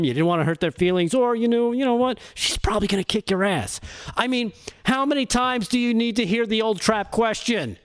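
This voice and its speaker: A man with a high speaking voice delivers opinionated talk show commentary. He is sarcastic and keeps breaking into laughter at his own punchlines. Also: a bit bright. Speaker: segment contributor on a talk show.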